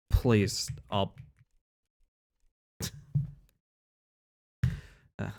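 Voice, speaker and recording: A man with a somewhat low voice chats casually to his stream audience between game runs. He sounds tired but easygoing, rambling and answering viewers as he plays. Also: takes it slowly, pauses often. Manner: relaxed, chatty, talks to chat between runs. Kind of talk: casual gameplay commentary.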